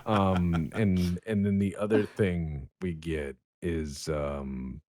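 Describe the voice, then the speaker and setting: A man's voice: low voice, steady tone, slow pace, dark tone, no echo. A young adult man, a podcast guest, telling rambling, profane stories in casual chat.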